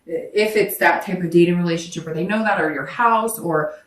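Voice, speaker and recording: Low-voiced woman reading tarot, echoey room. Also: a little fast, far from the mic. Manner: rambling, self-correcting, speaks directly to viewers. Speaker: tarot reader. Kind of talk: casual tarot reading to camera. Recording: echoey room, voice away from the mic.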